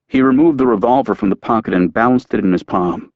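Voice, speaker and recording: Low-voiced male audiobook narrator. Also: brisk, few pauses, no echo, highs cut off.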